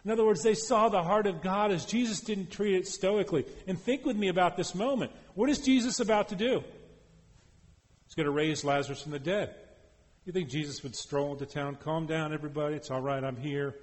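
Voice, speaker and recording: A man preaching in a large hall, his voice carrying a long reverb tail. His pitch sits a little high for a man. He swings between loud, emphatic lines and quiet, hushed ones. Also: a little fast. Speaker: preacher and professor. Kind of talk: sermon.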